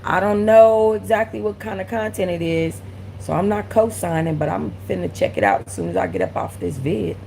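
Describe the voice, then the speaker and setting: A woman hosting a live stream from her apartment, telling animated, slangy stories with blunt cursing. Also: fairly low pitch, moderate pace, slight background noise, low-quality recording. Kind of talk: casual live-stream chat. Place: at home in an apartment.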